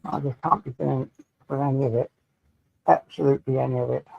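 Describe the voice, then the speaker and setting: An English man hosts a casual live stream from home, talking briskly in a medium-pitched, fairly even, creaky voice. Chatty throughout, he greets viewers by name, talks with them, and speaks to his dog. The sound is lo-fi.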